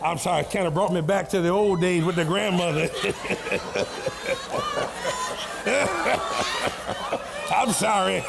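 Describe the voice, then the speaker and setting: A man playing an excitable old grandfather who has attended church for decades, rambling through examples in a church comedy skit. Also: brisk, vocal fry, few pauses, over a noisy crowd, very noisy. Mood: flustered. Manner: drawling, rambling, bursts into high squeals.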